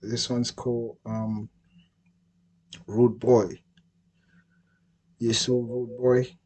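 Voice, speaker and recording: A man's voice: medium pitch, level tone, drawn-out words, a little mellow, husky, rough recording. A man hosting his own livestream, talking in a laid-back, slangy way and often checking that listeners follow him. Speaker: livestream host. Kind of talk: casual livestream chat.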